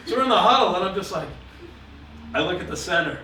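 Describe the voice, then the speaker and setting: A man, a trainer, telling rough stories in casual chat, swearing and laughing through them. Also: high voice, expressive, normal speed, pauses often, pushed and bright, reverberant, a little hiss or hum. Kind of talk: casual storytelling.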